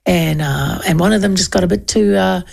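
A loutish young man mumbles through his story in slang, careless and offhand, as a woman mimics him. There is a gravelly edge to the voice. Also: high voice, brisk, a little mellow, heavily acted.

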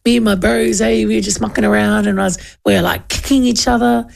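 A man's voice: sits high, steady tone, quick pace, creaky. A woman mimicking a slangy, careless young bloke. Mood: offhand. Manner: mumbling, slangy. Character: loutish young man, careless and mumbling.

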